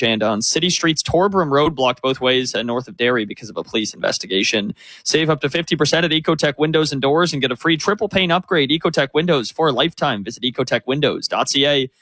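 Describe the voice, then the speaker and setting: A man giving a radio traffic report as a brisk running list, with small fillers, from a studio. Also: mid-range voice, a bit bright, no echo. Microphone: studio microphone.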